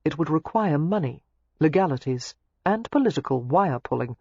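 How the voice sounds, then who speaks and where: An audiobook narrator reading a romance novel in a measured, even way, recorded on a close mic. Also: mid-range voice, breathy edge, no echo, lo-fi sound.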